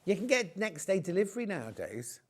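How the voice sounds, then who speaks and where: This shopping channel presenter, a middle-aged man, has a high, sing-song, brisk voice. Between prices on his live show he chats, jokes, and rambles into anecdotes.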